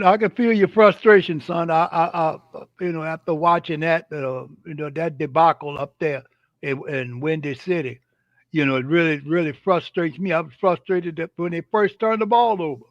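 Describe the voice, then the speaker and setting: An older man co-hosting a sports stream, talking in a halting way with many restarts and fillers. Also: high voice, dry recording. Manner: halting, with repeated starts and fillers. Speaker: co-host. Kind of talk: casual sports talk. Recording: muffled dry lo-fi line.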